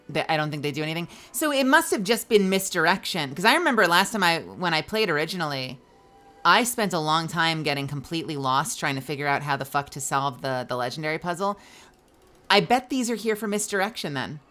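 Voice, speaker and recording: A woman's voice: low-pitched, animated, fairly quick, fairly bright tone, soft background music. A woman streamer chatting casually over her gameplay, rambling and jokey and laughing often.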